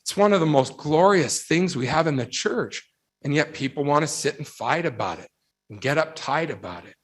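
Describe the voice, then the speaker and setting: A youth speaker with a voice on the high side gives a storytelling devotional talk to young people at a moderate pace. An animated storyteller, he acts out the voices in his anecdotes and builds his point through rhetorical questions and emphatic repetition.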